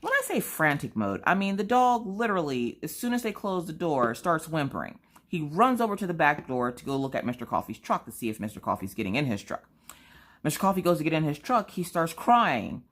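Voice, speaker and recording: A mother vlogging at home at night, retelling her family's day in an animated, dramatic way, often tagging "okay?". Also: deep voice, fairly quick. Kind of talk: casual storytelling to camera.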